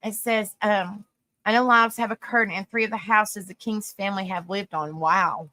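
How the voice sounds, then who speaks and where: A woman's voice: medium pitch, steady tone, moderate pace. Southern woman reading facts on a livestream. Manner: reads facts aloud, stumbles over words, thanks viewers warmly. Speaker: host.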